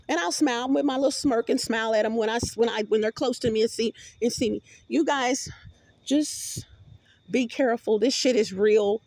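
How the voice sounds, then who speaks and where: A woman's voice: medium pitch, darkish tone, no echo. A woman vlogger in a rambling, profane monologue with many restarts, recorded on a phone.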